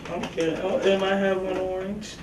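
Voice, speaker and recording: A woman's voice: mid-range voice, little pitch movement, normal speed. A woman guest on a casual cafe talk show, friendly and easygoing. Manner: friendly, easygoing, laughs along. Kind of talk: casual chat. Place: small cafe. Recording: echoey room, distant mic, background noise.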